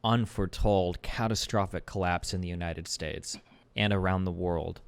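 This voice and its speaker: A man's voice: sits low, fairly even intonation, creaky, smooth. A man hosting a stream, arguing politics casually with a caller, blunt and full of fillers and swearing. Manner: talks fast with many fillers, blunt and swearing. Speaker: streamer host debating a caller.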